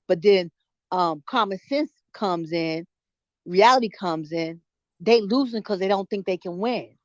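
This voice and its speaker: A woman's voice: mid-range voice, measured pace, darkish tone, no echo, highs cut off. A middle-aged woman from New York City, calling into an online audio chat room and ranting with emotion, blunt and profane, stumbling over restarts. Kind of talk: emotional impromptu rant.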